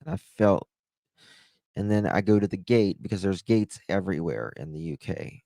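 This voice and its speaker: Livestream host, a man, slow and rambling, with a dry, close sound and a low voice. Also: mellow, no room sound. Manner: rambling, chatty, fills with "uh" and "like". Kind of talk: casual livestream chat, thanking viewers.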